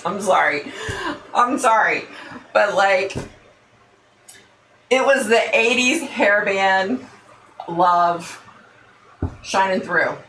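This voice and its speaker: A woman's voice: medium pitch, slight background noise. A middle-aged woman hosting her own show, telling a casual story with lots of laughter and acted-out quotes. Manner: animated, laughing often, acts out quotes. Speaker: psychic show host. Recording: echoey room.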